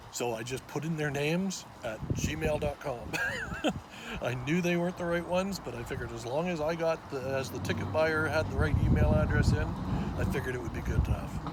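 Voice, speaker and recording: Fifty-year-old man over loud outdoor noise. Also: medium pitch. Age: 50s. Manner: excitable, animated, with small restarts and laughs. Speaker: vlogger. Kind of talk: casual storytelling to camera. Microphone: phone on a selfie stick.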